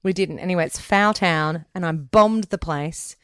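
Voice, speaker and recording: Female co-host, a bit low, lively storyteller, dry close mic. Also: moderate pace, smooth, no echo. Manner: lively storytelling, swearing, laughing often. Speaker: podcast co-host. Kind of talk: casual chat. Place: bedroom. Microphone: headset mic.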